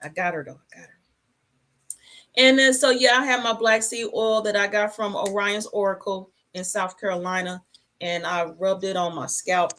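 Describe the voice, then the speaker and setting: A woman hosting a casual livestream from her home, talking in a relaxed, rambling, reflective way. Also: medium pitch, moderate pace. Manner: talks with food in her mouth. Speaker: channel host.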